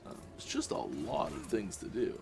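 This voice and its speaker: A man's voice: fairly low pitch, wildly swooping pitch, normal speed, creaky, darkish tone. A Canadian man, a game developer, chatting casually on a live stream and answering viewer questions, with many restarts and fillers. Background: faint game music.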